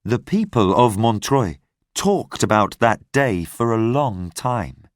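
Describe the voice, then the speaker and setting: A man narrating a simple graded reader story in a clear, careful way. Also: lowish voice, expressive, dry recording, clean studio sound. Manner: slow, clear, carefully paced reading.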